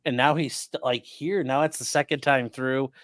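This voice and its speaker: A man co-hosting a livestream who casually comments on a trial and talks in quick bursts with fillers. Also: mid-range voice, fairly even intonation, fairly bright tone, no room sound, clean studio sound. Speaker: defense attorney co-host.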